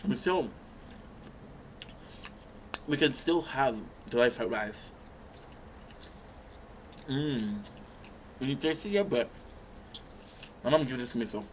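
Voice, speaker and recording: A young livestream host eats while chatting casually with his viewers, taking it slowly with long pauses. His voice is medium-pitched, and he's easygoing and talkative, humming and chewing between bites. The audio is dull, lo-fi stream quality with a faint hum.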